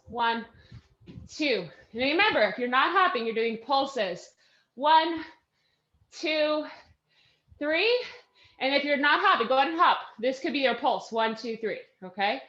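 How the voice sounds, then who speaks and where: Woman fitness instructor, high voice, winded, upbeat cheering, measured delivery. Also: bright, forceful tone, echoey room, muffled recording. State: out of breath. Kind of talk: live workout class coaching.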